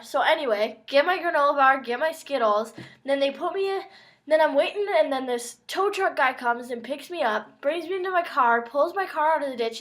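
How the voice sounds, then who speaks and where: A young woman with a high voice tells a long story to her camera. She talks in a chatty, wry, exasperated way and often quotes her own thoughts. It sounds like a casual home vlog from Minnesota. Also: a bit bright. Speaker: vlogger.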